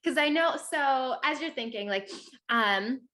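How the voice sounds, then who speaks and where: A woman's voice: high-pitched, animated, a little slow, sharp tone. A woman hosting an interview, affirming her guest with an enthusiastic manner. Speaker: host and hypnotherapist. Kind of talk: casual interview.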